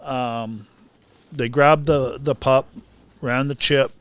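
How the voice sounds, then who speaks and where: A man, a boxing trainer telling stories in a casual podcast chat, laughing often and getting animated. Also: medium pitch, slow pace, clear, resonant tone, no echo.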